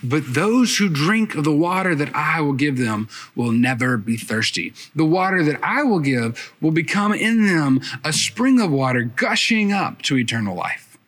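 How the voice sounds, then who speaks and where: A man voicing a calm, knowing male teacher who speaks in a slow, hushed, measured way, in a sermon retelling. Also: fairly high pitch. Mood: solemn.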